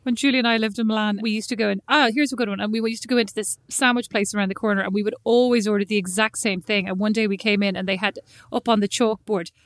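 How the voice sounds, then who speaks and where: A woman co-hosting a podcast in casual chat, an animated storyteller who jumps into sudden high-pitched exclamations. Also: no room sound, studio quality. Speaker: podcast co-host.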